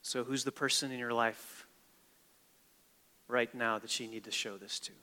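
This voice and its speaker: A man preaching a sermon, swinging between emphatic, rising declarations and quiet, hushed lines. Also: medium pitch, fairly even intonation, normal speed. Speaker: pastor. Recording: long hall reverb.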